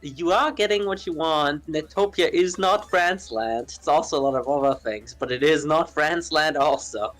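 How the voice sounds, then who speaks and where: A man's voice: fairly high pitch, moderate pace, few pauses, a bit bright, soft background music, poor audio. A man chatting casually over a game with a sardonic edge. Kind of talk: casual gaming chat.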